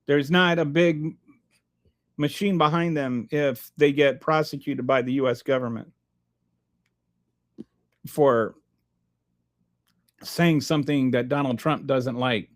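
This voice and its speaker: A man's voice: medium pitch, fairly even intonation, slow pace, long pauses. A man hosting a live stream, reading chat aloud and answering with sarcastic, rambling commentary full of restarts.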